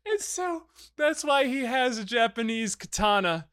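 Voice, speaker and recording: A man's voice: very high voice, very animated, a little slow, fairly bright tone, clean tone, dry recording, studio quality. A man hosting a podcast, casually recapping a film in a rambling way, swearing and acting out the characters' lines.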